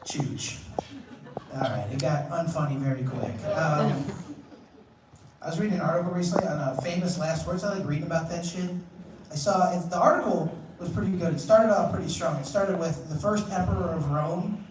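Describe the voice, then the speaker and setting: A man's voice: a little high, recorded from a distance. Man doing stand-up in a roomy club. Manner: crude, conversational storytelling with acted-out quotes. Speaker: stand-up comedian. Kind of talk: stand-up comedy set. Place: comedy club stage. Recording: roomy live club recording, noisy. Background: audience laughter.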